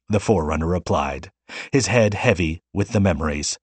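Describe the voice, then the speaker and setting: A man narrating a science fiction audiobook in a measured, expressive way. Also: sits low, slightly rough, no echo.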